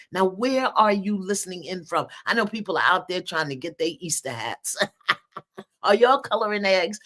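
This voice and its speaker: Older lady hosting a live stream, upbeat, shouting out cities, sharp bright voice. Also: mid-range voice. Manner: lively, exuberant, calls out cities. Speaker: host of a livestream. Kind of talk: livestream greeting viewers.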